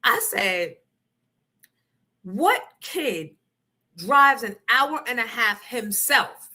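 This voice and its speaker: A middle-aged woman hosting a livestream, chatting casually and telling stories in an animated, profane way, acting out the other people in them. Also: fairly high pitch, very slow. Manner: animated, profane, acts out voices in her story. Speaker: livestream host. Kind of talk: casual chat, storytelling.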